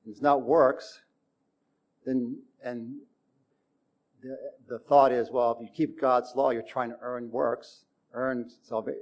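A male pastor giving a sermon in a relaxed, talky way. His voice sits in a middle register. He reads verses aloud and leans hard on the emphatic lines. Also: mid-range voice. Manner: conversational preaching with emphatic bursts.

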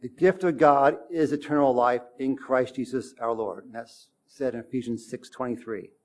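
A male pastor giving a sermon in a relaxed, talky way. His voice sits in a middle register. He reads verses aloud and leans hard on the emphatic lines. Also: mid-range voice, normal speed. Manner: conversational preaching with emphatic bursts.

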